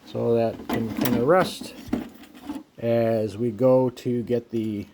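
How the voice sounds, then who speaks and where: A man casually talking through a motorcycle headlight swap, relaxed and plain-spoken, thinking aloud as he works with his hands. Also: mid-range voice, slow pace, background noise. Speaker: motorcycle owner showing a repair. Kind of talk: casual how-to narration.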